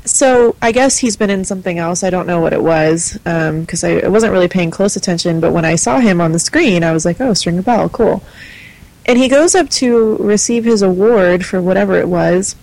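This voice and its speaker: A woman's voice: on the low side, a little fast, few pauses, darkish tone, low-quality recording. A woman co-hosting a podcast, chatting casually and hesitantly with many fillers. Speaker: podcast co-host. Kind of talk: casual chat.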